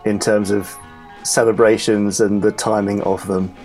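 A man's voice: fairly low pitch, little pitch movement, measured pace, darkish tone, faint music behind. A man being interviewed on a podcast, friendly and precise, often chuckling. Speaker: interview guest. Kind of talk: casual interview.

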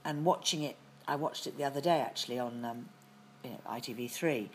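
Middle-aged british actress w a low voice spinning long stories, lots of restarts, faint hiss behind. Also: female voice, fairly quick. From Britain. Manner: lively storytelling with frequent restarts. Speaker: actress as guest. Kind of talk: anecdotal interview chat.

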